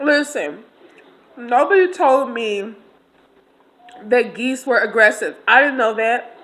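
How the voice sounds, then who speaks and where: Woman, 30s, AAVE speaker, bright high voice, lively casual storyteller. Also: slow pace, low-quality recording. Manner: animated, laughing, slangy, talks to listeners directly. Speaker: storyteller host.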